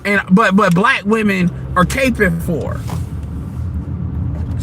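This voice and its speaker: A man's voice: high-pitched, extremely slow, creaky, pauses often, background noise. A man hosting an online audio room, ranting bluntly and profanely in casual commentary.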